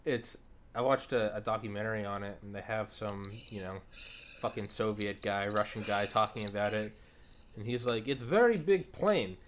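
A man's voice: lowish voice, level tone, moderate pace, background noise. A man hosting a podcast in casual chat. He rambles and swears with enthusiasm. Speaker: podcast host.

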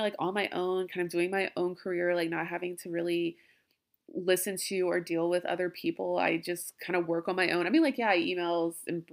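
A woman's voice: lowish voice, gravelly. A young woman hosting a podcast from her den at home, talking casually and emotionally in a rambling way with frequent laughs. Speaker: podcast host. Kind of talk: casual heartfelt farewell talk. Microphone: laptop.

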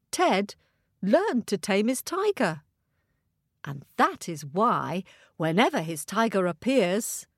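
Slow, lively woman reading a children's story. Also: mid-range voice, dry recording, clean studio sound. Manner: expressive, gentle, addresses young listeners.

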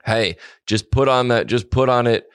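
A man's voice: medium pitch, moderate pace, smooth, dry recording, studio quality. A man co-hosting a podcast, ranting animatedly in casual chat and mocking people with put-on quotes. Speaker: podcast co-host.

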